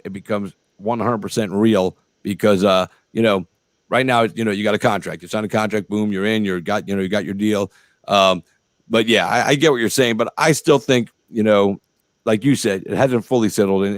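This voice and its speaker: A man's voice: lowish voice, dry recording. A middle-aged man hosting a casual interview show over a video call, talking in long rambling stretches full of fillers and swearing. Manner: rambling, profane, lots of fillers.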